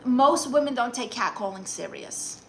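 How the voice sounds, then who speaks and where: A woman's voice: fairly high pitch, very animated, normal speed, vocal fry, a bit bright, slight background noise, poor audio. A woman comedian hosting a casual live stream, reading viewer comments in a sassy, teasing, chatty way. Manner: breaks into exaggerated put-on quote voices.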